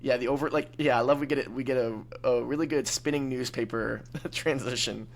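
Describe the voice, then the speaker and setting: Gravelly man rambling on a podcast. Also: mid-range voice, steady tone, brisk. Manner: rambling, filler-heavy. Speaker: podcast co-host. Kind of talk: casual movie podcast chat.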